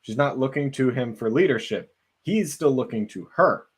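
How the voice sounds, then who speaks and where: A man's voice: mid-range voice, lively intonation, normal speed, breathy edge. A man co-hosting a podcast, earnestly laying out a fan theory at length in casual conversation. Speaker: podcast co-host.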